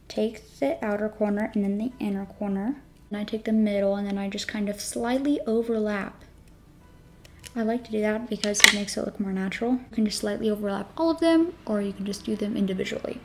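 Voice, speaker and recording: A woman's voice: mid-range voice, darkish tone, slight background noise. A woman beauty vlogger chatting casually through a product tutorial, filling her talk with "like" and playing up her reactions, sometimes dropping to a whisper while concentrating. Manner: chatty, filler-heavy, self-dramatizing.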